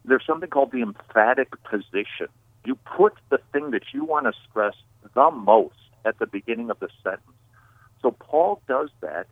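A man's voice: mid-range voice, no room sound. Man preaching emphatically over a phone line. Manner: emphatic, animated, builds to preacher's proclamations. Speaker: call-in guest.

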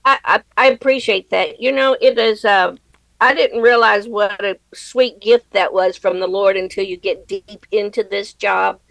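Gravelly-voiced middle-aged woman comedian. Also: mid-range voice, steady tone, measured pace, a bit bright, no room sound, low-quality recording. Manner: earnest and reflective, laughs easily, faith-centered. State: widowed. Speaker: comedian guest. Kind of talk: conversational interview answers.

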